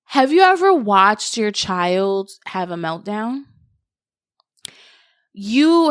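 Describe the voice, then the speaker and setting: A young woman talks alone into a podcast mic, working through her thoughts in a relaxed, reflective way and leaning on casual fillers. Her voice sits at an ordinary middle pitch. The sound is dry and close, with no room echo. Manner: reflective, conversational, many "you know" fillers. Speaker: podcast host. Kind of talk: solo podcast monologue.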